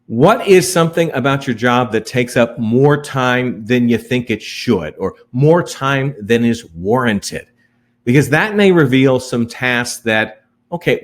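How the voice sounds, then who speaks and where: Animated man giving a talk. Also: mid-range voice. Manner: animated, emphatic delivery. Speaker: professional speaker. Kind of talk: virtual presentation to managers.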